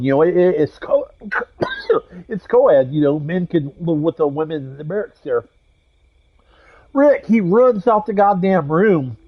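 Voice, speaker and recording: Man, gamer telling an army tale, cursing constantly, rambling, dull muffled audio. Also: sits high. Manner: profane, rambling storyteller with many fillers and restarts. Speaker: gaming streamer and army veteran. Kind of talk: casual anecdote told while gaming.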